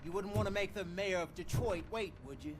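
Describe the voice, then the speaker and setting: An actor playing a smooth-talking male big-city mayor with a slight Southern twang and a persuasive politician's delivery. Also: high-pitched, brisk, background noise, natural voice.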